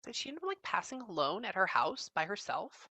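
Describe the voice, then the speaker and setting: A woman giving a casual psychic reading, chatting as she relays what she senses with frequent pauses and fillers. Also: medium pitch, sing-song, sharp tone, husky, no room sound. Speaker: psychic medium.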